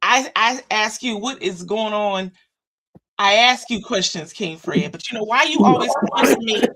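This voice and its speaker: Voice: mid-range voice, moderate pace, sharp tone, poor audio. A co-host on a morning show who protests indignantly against teasing and then laughs it off. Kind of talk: casual banter.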